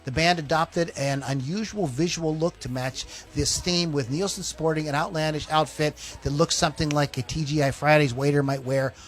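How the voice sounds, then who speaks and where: A man's voice: fairly high pitch, normal speed, hardly any pauses. A man hosting a podcast in casual chat, rambling through stories with lots of fillers and teasing his co-host.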